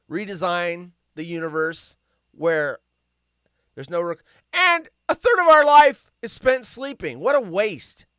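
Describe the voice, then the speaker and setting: A man's voice: sits high, pushed and bright, clean tone, no echo, studio quality. A man hosting a live stream, reading news stories aloud and ranting about them in a rambling, sarcastic way that keeps going off on tangents. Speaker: livestream host.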